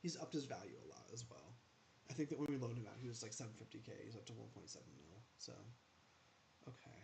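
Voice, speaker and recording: A man with a gravelly, creaky voice chats casually through a gameplay session. He rambles in loose asides, muttering his thoughts and answering the game as if it could hear him. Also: mid-range voice, lively intonation, fast, darkish tone, slight background noise. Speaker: gaming channel host.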